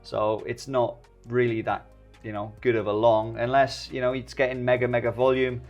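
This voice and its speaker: A man's voice: medium pitch, flat delivery, moderate pace, a little mellow, muffled recording. Man, casual trading tutorial, chatty and jokey, faint music underneath. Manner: chatty, jokey, speaks to viewers directly. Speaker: stock trading YouTuber.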